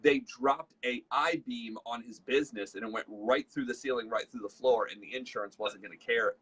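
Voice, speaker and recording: A chatty man hosts a casual leadership talk. His voice is bright and a little husky. He tells stories loosely, full of fillers, and acts out the lines of the people in them. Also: medium pitch, fairly even intonation, moderate pace. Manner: chatty storyteller, acts out dialogue, many fillers. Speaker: host.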